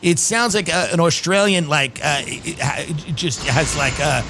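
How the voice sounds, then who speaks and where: A man's voice: fairly high pitch, moderate pace, gravelly, bright, forceful tone, a little hiss or hum. A man hosting a casual comedy podcast, rambling and reading news quotes aloud with dry sarcasm. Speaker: podcast host.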